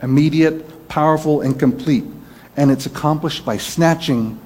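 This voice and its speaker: A pastor preaching a Sunday sermon in a casual storytelling manner, with small restarts. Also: male voice, on the high side, normal speed, a little mellow.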